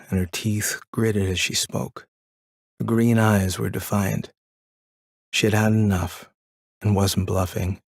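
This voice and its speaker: A middle-aged man reading an audiobook in a measured, reflective first-person voice. His tone sits low, and the recording is dry and close, with no room sound. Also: no echo. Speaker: audiobook narrator. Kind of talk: scripted audiobook narration.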